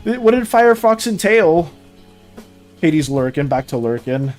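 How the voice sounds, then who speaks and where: A streamer chatting casually on a live art stream, tripping over words and restarting sentences in a flustered rush. The pitch swings widely, jumping high when excited and dropping low when calmer. Faint music plays underneath. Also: measured pace.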